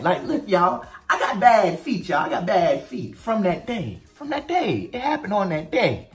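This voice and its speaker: Man, casual storytime vlogger, very lively pitch, swearing freely, faint music underneath. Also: unhurried, few pauses. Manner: animated, profane, swings pitch widely for emphasis.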